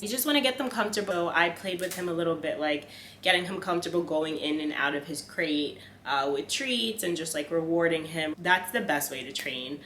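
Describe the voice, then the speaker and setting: A woman's voice: low-pitched, a bit bright. A young woman chatting casually to camera with lots of fillers, giving tips and talking to her dog. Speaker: vlogger. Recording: echoey room, faint room noise.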